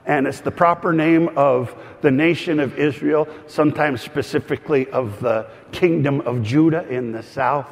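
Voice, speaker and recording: A man's voice: fairly high pitch, moderate pace, few pauses. A man preaching as a pastor, teaching in a conversational way with humorous asides and frequent fillers and restarts. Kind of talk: teaching sermon. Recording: long hall reverb.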